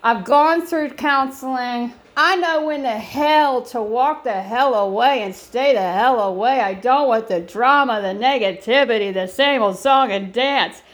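A woman's voice: fairly high pitch, unhurried, few pauses. A middle-aged woman with an American country accent, ranting to camera in an emphatic, repetitive, folksy way.

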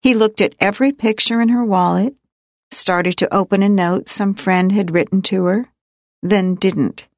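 A woman reading a novel aloud in first person, in a measured, wry and reflective way. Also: medium pitch, steady tone, no room sound, studio quality. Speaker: audiobook narrator. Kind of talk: first-person audiobook narration.

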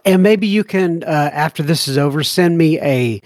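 Laid-back guy hosting a podcast, kinda high voice, dry close mic. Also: moderate pace, darkish tone, no room sound. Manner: easygoing, explains things to the listener. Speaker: podcast host. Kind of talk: casual interview chat.

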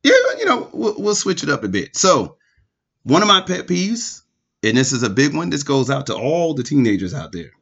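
A man in his forties chatting casually as co-host, telling animated stories and acting out other people's voices, laughing often. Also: on the high side, normal speed, creaky, breathy edge. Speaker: podcast co-host. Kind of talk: casual chat. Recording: slightly dull lo-fi sound.

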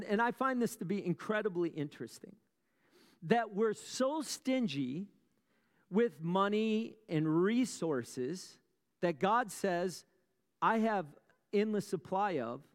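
A man preaching in a big church hall, his somewhat high voice ringing with a long echo. He tells stories with dramatic pauses, poses rhetorical questions and drops wry asides to the congregation. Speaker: pastor. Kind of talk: sermon.

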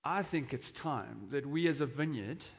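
A man's voice: medium pitch, animated, normal speed, husky. A man preaching a sermon in a church hall, talking conversationally and acting out the quotes in a raised voice. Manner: conversational, dramatizes quotes with shouting. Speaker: pastor. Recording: long reverb of a church hall.

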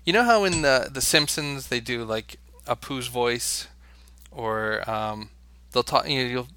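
A man's voice: medium pitch, measured pace, sharp tone, clean tone. An American man co-hosting a podcast, talking in a loose, rambling way with frequent restarts. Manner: rambling, with many restarts and fillers. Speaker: podcast co-host. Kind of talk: casual podcast chat.

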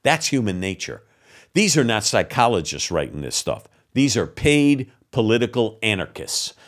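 With a lowish, very animated voice at a moderate pace, this political commentary host reads material out only to mock it. He scoffs and laughs, indignant and exasperated, his tone dripping with sarcasm.

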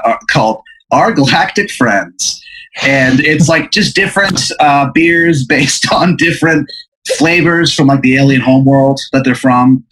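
A man's voice: mid-range voice, fairly bright tone, poor audio. A man hosting a podcast, improvising a comic hypothetical story with a rambling, filler-heavy delivery. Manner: rambling, lots of fillers, laughs mid-sentence. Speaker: podcast host.

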